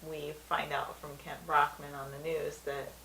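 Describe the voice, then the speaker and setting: A woman's voice: sits low, flat delivery, moderate pace, sharp tone, slight background noise, poor audio. A woman co-hosting a casual episode review, retelling scenes in detail and agreeing with short yeps. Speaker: podcast co-host.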